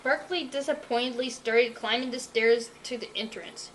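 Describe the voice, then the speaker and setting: A woman reading a children's storybook aloud, her high voice bright and full of lively rises and falls. The narration is expressive throughout, over a faint background hiss. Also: moderate pace, poor audio.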